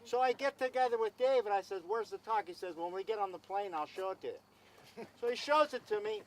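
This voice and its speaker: High-voiced man telling a story. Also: lively intonation, a little fast, rough recording. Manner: anecdotal, repeats himself, acts out dialogue. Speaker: speaker at a celebration. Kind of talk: storytelling speech.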